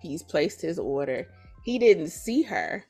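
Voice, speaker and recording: A woman hosting a podcast who retells a story in a casual, animated and profane way. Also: on the low side, slow, husky, faint music behind. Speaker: podcast host. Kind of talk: casual chat.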